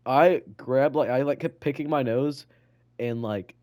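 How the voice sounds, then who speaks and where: A man's voice: medium pitch, unhurried, darkish tone, no echo, studio quality. A young man co-hosting a podcast, rambling through school memories in casual chat, full of "like" and "bro". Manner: rambling storyteller, loads of "like" and "bro". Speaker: podcast co-host.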